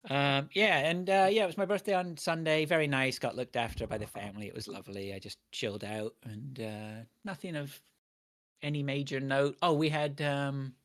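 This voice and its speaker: A man's voice: medium pitch, fairly even intonation, normal speed, a bit bright. A man hosting a casual podcast chat, telling stories in a sweary, ranting way. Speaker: podcast host.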